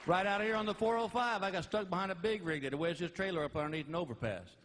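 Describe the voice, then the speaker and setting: A middle-aged man doing live stand-up comedy on stage, telling stories and landing each punchline slowly and loudly. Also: sits high, long reverb tail. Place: large theater with audience. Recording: live stage recording with crowd laughter and noise. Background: audience laughing.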